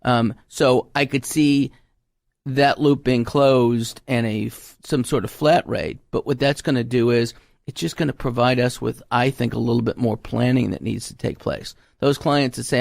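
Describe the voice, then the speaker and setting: A man's voice: mid-range voice, fairly even intonation, moderate pace, vocal fry, darkish tone, dry recording, studio quality. A man, a tax advisor guest on a radio talk show, chatting in a folksy way and acting out his clients' lines as he tells stories. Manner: folksy storyteller, acts out client dialogue.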